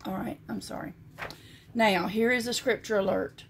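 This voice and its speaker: A woman's voice: medium pitch, fairly even intonation, moderate pace, gravelly, a little hiss or hum. A woman with a Southern American accent, chatting in a homespun way as she shows things to her viewers and reads scripture aloud. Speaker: vlogger. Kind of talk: casual show-and-tell vlog.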